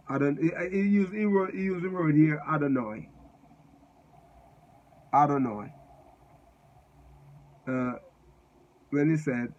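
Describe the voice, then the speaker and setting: Slow, halting male Bible teacher. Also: mid-range voice, a little mellow, dull audio. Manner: halting, repeats words while explaining Hebrew letters.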